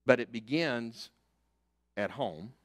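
An older man, preaching a sermon as pastor, emphatic and fiery, rising to loud declarations and dropping to hushed asides. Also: mid-range voice, lively intonation, slow pace. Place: church sanctuary.

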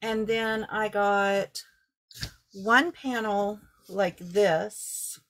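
A woman's voice: medium pitch, fairly even intonation, very slow. A woman craft vlogger chatting casually and ramblingly as she shows off her thrift finds, often correcting herself. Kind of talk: casual show-and-tell haul.

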